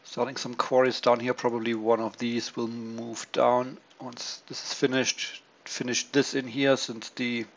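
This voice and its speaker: A man giving casual, low-key commentary on his turn in a strategy game, thinking aloud with many pauses and ums. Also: flat delivery. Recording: dull lo-fi mic with faint hiss.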